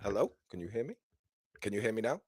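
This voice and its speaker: A man chatting as a podcast guest on a handheld mic, mock-serious and deadpan. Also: lowish voice, quick pace, breathy edge, no room sound. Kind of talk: casual chat.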